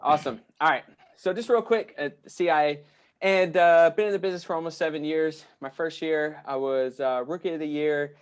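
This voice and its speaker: A man's voice: fairly high pitch, moderate pace, clean tone. A man speaking as a guest real estate coach in casual, upbeat talk on a video call, with frequent filler sounds.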